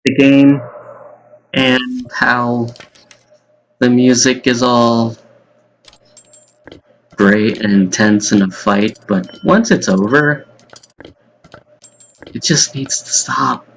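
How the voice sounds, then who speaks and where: A man giving casual, rambling gameplay commentary as a let's-play host, with quick asides and game text read aloud. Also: medium pitch, steady tone, slight background noise, rough recording. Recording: faint game music behind.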